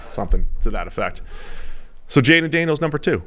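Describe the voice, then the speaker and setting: A man's voice: medium pitch, very animated, fast talker, a bit bright. A man co-hosting a football podcast, chatting loosely and jokingly, often trailing off mid-thought. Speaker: podcast co-host, football analyst. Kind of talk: casual podcast chat.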